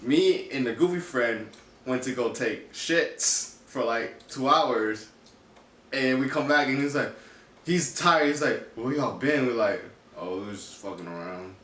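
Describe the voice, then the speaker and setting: A laid-back young man chatting on a podcast and laughing easily. His voice has a middling pitch. He sits a little away from the mic, in a room with a roomy echo. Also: a little slow, fairly bright tone, distant mic. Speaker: podcast co-host. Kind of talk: casual podcast chat. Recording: echoey room, a bit off-mic.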